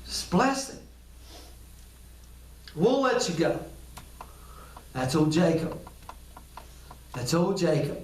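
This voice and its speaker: An impassioned male pastor preaching a sermon and acting out scripture scenes as he goes. His voice sits high for a man. It is recorded from a distance and rings in an echoey room. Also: big pitch swings, slow pace, long pauses.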